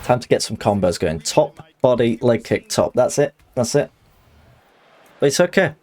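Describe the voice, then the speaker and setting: A man talks his audience through a fighting game live on stream. He is excitable and jokey, with a lively, swooping pitch. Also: moderate pace. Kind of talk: live gaming commentary.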